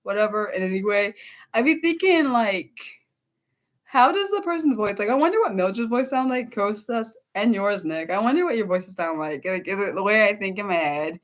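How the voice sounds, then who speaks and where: A young woman hosting an unscripted livestream, rambling and breaking off mid-sentence as she answers her chat. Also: on the high side. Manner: rambling, self-interrupting, answers chat aloud. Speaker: livestream host.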